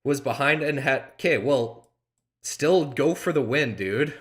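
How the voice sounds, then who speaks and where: A man's voice: mid-range voice, a little slow. A man streaming a board game online, reacting aloud to the play, frustrated and swearing as he talks. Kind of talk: live game commentary.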